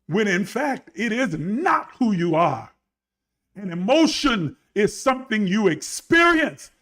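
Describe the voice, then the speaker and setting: A man preaching a livestreamed sermon, building from low talk to shouted emphasis and calling on listeners to respond. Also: very animated, takes it slowly. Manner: calls on online listeners to respond.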